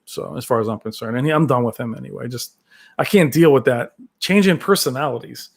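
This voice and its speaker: Reading live chat on his tech channel, this host rambles casually, full of fillers and restarts, and drops quick movie-quote impressions. He talks fairly quickly in a mid-range voice that is slightly rough with vocal fry.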